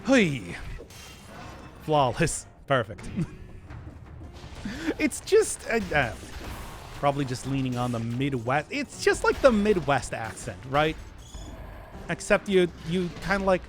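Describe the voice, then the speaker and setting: A man's voice: a little high, big pitch swings, a little slow, long pauses, fairly bright tone, soft background music. A young man streaming a game, chatting and rambling as he plays, often laughing. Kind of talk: live gameplay commentary.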